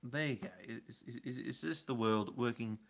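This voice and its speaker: A man's voice: medium pitch, normal speed, vocal fry, a bit bright. A man chatting casually on a live stream, rambling and answering viewer comments. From Australia. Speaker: livestream host.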